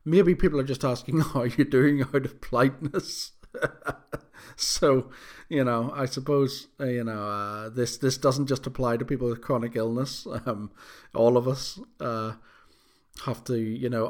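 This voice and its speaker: A man's voice: mid-range voice, steady tone, measured pace, a little mellow. Rambling man hosting a podcast. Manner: rambling, self-deprecating, many fillers and restarts. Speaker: podcast host. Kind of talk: casual solo podcast monologue.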